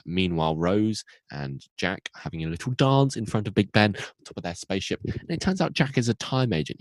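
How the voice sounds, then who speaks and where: Rambling man, deep and dry. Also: no echo. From United Kingdom. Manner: rambling, self-interrupting, acts out characters in goofy voices. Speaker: podcast co-host recapping an episode. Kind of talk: casual comic recap.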